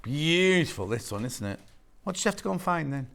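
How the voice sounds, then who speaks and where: A man's voice: fairly high pitch, big pitch swings, a little fast, creaky, fairly bright tone. A man presenting on a live shopping channel, chatting, gushing over fabrics and joking with the crew behind the camera. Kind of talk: live TV sales chat. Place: TV studio.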